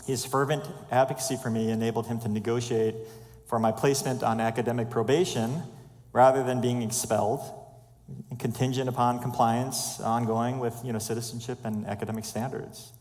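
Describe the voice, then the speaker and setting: A man giving an earnest, measured personal testimony at church, fighting back tears. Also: mid-range voice, little pitch movement, a little mellow. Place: church sanctuary. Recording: long church reverb.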